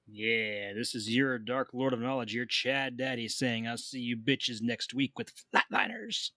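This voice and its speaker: A man's voice: mid-range voice, unhurried, bright, forceful tone, dry recording, clean studio sound. A man co-hosting a podcast who chimes in with wry jokes in casual chat. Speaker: podcast co-host.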